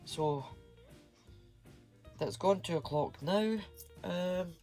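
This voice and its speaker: A man's voice: high-pitched, extremely slow, warm tone, faint music behind. Chatty Scottish man, slangy vlog natter. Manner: chatty, sprinkles Scots slang words. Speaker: vlogger. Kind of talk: casual chat to camera.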